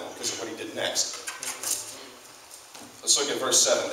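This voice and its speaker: A young man preaching a sermon, retelling Bible stories in a lively way and acting out the characters. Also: medium pitch, brisk, long pauses, slight background noise. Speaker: student preacher. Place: chapel or hall. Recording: echoey hall from far off.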